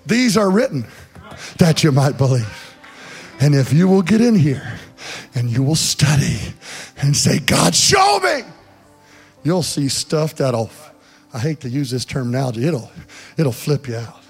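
A man preaching a fervent sermon in a church, swinging between shouted passages and hushed speech. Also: mid-range voice, animated, measured pace, pauses often, slightly rough, soft background music. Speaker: pastor. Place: church sanctuary.

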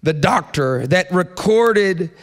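Fervent male preacher with a fairly high voice. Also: expressive, slow. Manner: call-and-response preaching, rising to shouted prayer. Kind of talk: sermon. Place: church sanctuary.

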